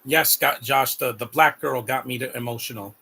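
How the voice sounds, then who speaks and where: A man's voice: mid-range voice, normal speed, vocal fry, pushed and bright, breathy edge. A man giving rambling, heartfelt live commentary on a movie, repeating words as he talks. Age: adult.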